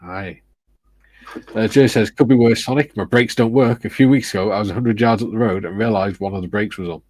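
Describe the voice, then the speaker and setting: A man with a low voice and close, dry sound hosts a relaxed hobby livestream. He reads viewer comments aloud and jokes with his co-builders as they go. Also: brisk, no echo. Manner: reads out chat messages, joking. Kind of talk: casual livestream chat while model building.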